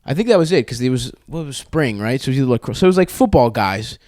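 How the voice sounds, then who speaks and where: A man's voice: mid-range voice, expressive, racing, darkish tone, dry recording, clean studio sound. Rambling, crude male podcast storyteller. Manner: rambling, crude, with many restarts and laughs. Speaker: podcast co-host. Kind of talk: casual storytelling chat.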